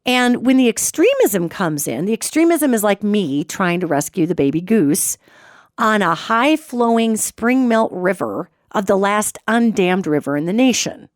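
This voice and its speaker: A middle-aged woman hosting a radio show, telling a personal story in an expressive way and imitating sounds as she goes. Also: mid-range voice, measured pace, dry recording, clean studio sound.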